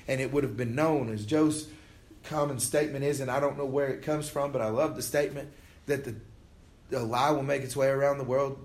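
A man's voice: mid-range voice, a little mellow. Man preaching in a conversational tone. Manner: conversational preaching, acts out inner voices. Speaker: pastor. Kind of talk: sermon.

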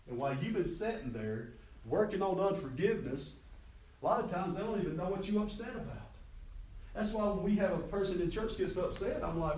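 A man's voice: high voice, animated, brisk, darkish tone. A middle-aged man preaching a sermon as pastor, telling folksy stories with quoted dialogue. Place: church sanctuary. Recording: echoey hall, distant mic.

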